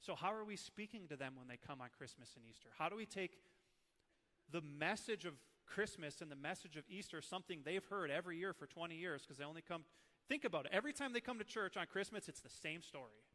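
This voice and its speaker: A man in his thirties, a preacher from Minnesota, teaching with animated, emotional personal stories. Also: on the high side, quick pace, long reverb tail.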